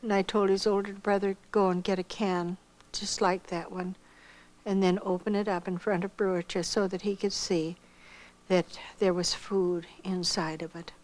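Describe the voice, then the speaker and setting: A woman's voice: mid-range voice, moderate pace, low-quality recording. An older woman from Iowa, a missionary, recounting her own life story as spoken testimony and acting out what others said. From Iowa, United States. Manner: storytelling, acting out others' lines with lively voices.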